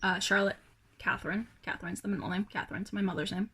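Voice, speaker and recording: A woman's voice: mid-range voice, steady tone, quick pace, pushed and bright, husky. A young woman rambling through a casual personal vlog, hesitant, with many fillers and sighs. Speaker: vlogger.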